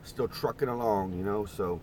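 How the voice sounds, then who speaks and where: A man's voice: lowish voice, normal speed, darkish tone, a little hiss or hum. A middle-aged man chatting casually and rambling to his viewers on a live stream from inside a parked camper van. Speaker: vlogger.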